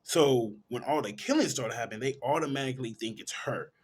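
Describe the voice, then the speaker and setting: A man reviewing a film, retelling the plot in a casual, animated way and correcting himself as he goes. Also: mid-range voice, a little fast, breathy edge. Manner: animated storytelling, correcting himself mid-sentence. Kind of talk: casual movie plot recap.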